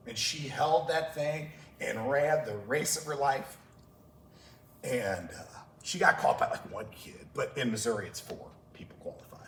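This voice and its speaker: A male track and field coach gives a conference talk in a clinic session room, telling emotional stories from his coaching. His mid-range, slightly bright voice is expressive and moderately paced. It's recorded from a distance in a roomy hall with a little hiss or hum.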